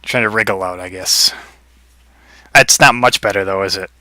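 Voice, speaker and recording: A man's voice: sits low, normal speed, bright, forceful tone, dry recording. A man running a tabletop game as game master, narrating and playfully teasing the players about their rolls.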